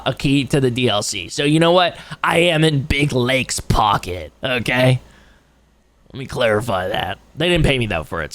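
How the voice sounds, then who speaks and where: A man's voice: medium pitch, fairly bright tone. A young man live-streaming, chatting casually with his viewers, rambling and swearing, joking and breaking into mocking voices. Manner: rambling, profane, jokey, jumps into mocking voices. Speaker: streamer reacting to a video.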